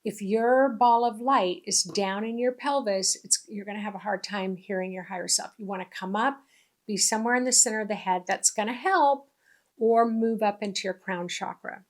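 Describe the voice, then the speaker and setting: A woman's voice: medium pitch, moderate pace. A woman spiritual teacher talking in a casual, conversational way, often repeating her points for emphasis.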